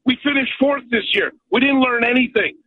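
A very high-pitched, slightly rough voice belongs to a Montreal-accented Canadian caller delivering a brisk, emphatic rant on a radio show. He keeps tacking "okay?" onto his points. The audio is a tinny telephone line with no room sound.

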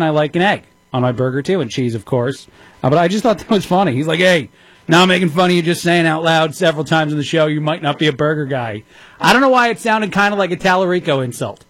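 A man's voice: a little high, dry recording. A man in his thirties hosting a talk radio show, chatty and self-deprecating, with many fillers. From Texas. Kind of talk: casual talk radio monologue.

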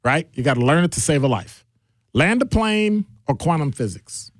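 A middle-aged man hosting a call-in radio show, talking in a jokey, animated way and shifting his voice for quoted people. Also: fairly high pitch, normal speed, no room sound, clean studio sound.

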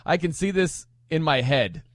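A man's voice: fairly high pitch, animated, normal speed, a little hiss or hum. A man hosting a late-night show, chatting casually and teasing his co-host playfully. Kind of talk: casual chat.

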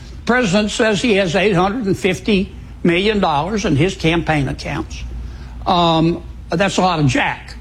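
A man speaking as a senator in an interview clip, folksy and plain-spoken, pausing on fillers. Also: sits high, slight background noise, rough recording. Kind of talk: interview answer.

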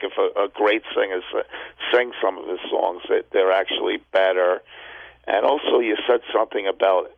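A man's voice: deep voice, creaky, no echo. A man calling in to a radio show, talking in a rambling, hesitant way. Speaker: caller. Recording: tinny phone line, dry.

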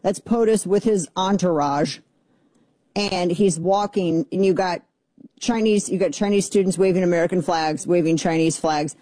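A woman's voice: lowish voice, moderate pace, mellow, no room sound. A middle-aged woman hosting a political radio talk show, chatty, opinionated and sarcastic. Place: radio studio.

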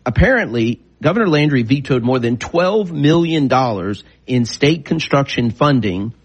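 A man's voice: medium pitch, animated, normal speed, breathy edge, highs cut off. A man co-hosting a talk radio show, chatting casually and rambling through lots of fillers. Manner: rambling, full of fillers and restarts.

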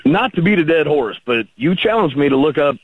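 A man calling in to a radio talk show, arguing his points slowly and deliberately. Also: fairly high pitch, expressive, no room sound. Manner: slow and gravelly, argues point by point. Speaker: caller. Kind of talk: phone-in caller on talk radio. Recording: tinny phone line.

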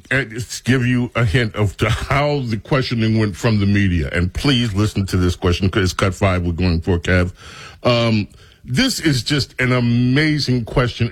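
A man hosting a talk radio show, talking in an animated, sardonic way. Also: mid-range voice, no room sound.

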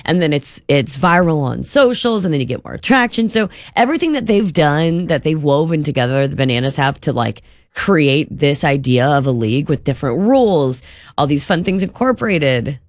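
A woman's voice: low-pitched, lively intonation, normal speed, no room sound, clean studio sound. A young woman co-hosting a radio show, chatting casually and enthusiastically. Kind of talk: casual morning-show chat.

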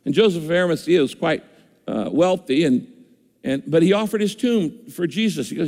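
A man's voice: a little high, lively intonation, a little fast, dark tone. An older man preaching a sermon in a conversational way, voicing listeners' objections as he goes. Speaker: pastor. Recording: long reverb of a large hall.

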